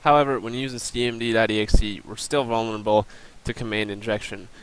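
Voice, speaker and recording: A man's voice: on the low side, steady tone, quick pace, clean tone, poor audio. A young man giving a recorded class presentation, plainly explaining and walking through a screen demo with the odd um and uh. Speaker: student presenter.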